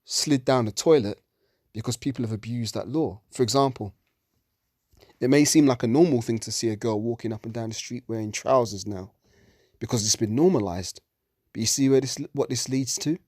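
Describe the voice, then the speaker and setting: A man's voice: mid-range voice, moderate pace, a little mellow, no room sound, studio quality. A man gives a heated religious commentary monologue, ranting and swearing often.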